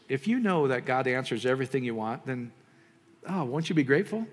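Preacher, male, mid-pitched voice, animated then prayerful, long hall reverb. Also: fairly quick. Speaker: pastor. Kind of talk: sermon.

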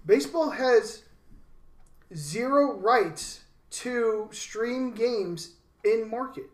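A man's voice: very high-pitched, animated, drawn-out words, roomy sound. A man co-hosting a casual podcast chat, telling stories and giving dry, short answers. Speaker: podcast co-host.

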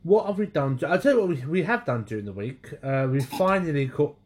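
A man's voice: a little high, lively intonation, brisk, darkish tone. A young man co-hosting a podcast in casual chat, teasing and often repeating himself. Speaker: podcast co-host.

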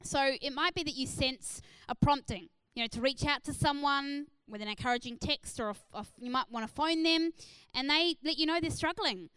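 A woman delivers a sermon in a high, bright-toned voice, earnest and encouraging. She drops in "uh" fillers often as she builds her points. The sound is close and dry, with no room echo. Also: brisk. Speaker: preacher.

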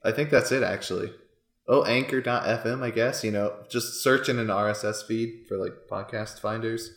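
A man in his thirties co-hosting a podcast, talking in an animated way full of fillers and frequent laughs. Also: lowish voice, moderate pace, echoey room. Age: 30s. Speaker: podcast co-host. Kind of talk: casual chat.

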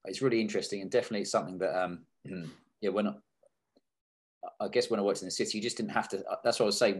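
Male podcast host, very low voice, thinks aloud haltingly. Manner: hesitant, many fillers and restarts. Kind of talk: casual interview chat.

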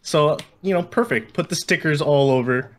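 A man playing in a tabletop game, joking and animated. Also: a little high, moderate pace. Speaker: player.

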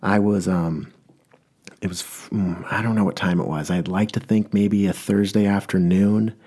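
A young man with a low, husky voice, delivering a comedic rant. He rambles and breaks off mid-sentence to restart his thoughts. The whole thing has a mock-earnest, playful tone. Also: steady tone, normal speed, dark tone.

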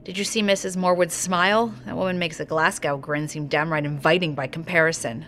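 A woman's voice: deep voice, fairly even intonation, a little fast, few pauses, fairly bright tone. A woman narrating an audio drama in a wry, sardonic voice that swears freely.

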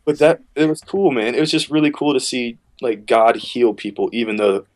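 A man's voice: normal speed, low-quality recording. A man, a worship leader, casually telling a long story on a podcast and acting out what people said. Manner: relaxed storyteller, acts out quotes with sudden pitch jumps.

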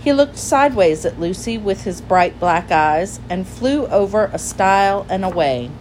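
A woman narrating a children's storybook aloud in a gentle, clear and measured way. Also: medium pitch, lively intonation, a little hiss or hum, rough recording.

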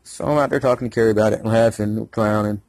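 A man's voice: fairly low pitch, steady tone, quick pace, darkish tone, no echo. A man telling a rambling, profane story in a casual rant. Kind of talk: casual ranting anecdote.

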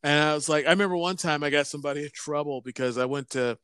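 Man, casual storyteller, smooth clear voice, dry close sound, rambles and swears. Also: fairly high pitch, rapid-fire, fairly bright tone, dry recording. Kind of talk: casual chat.

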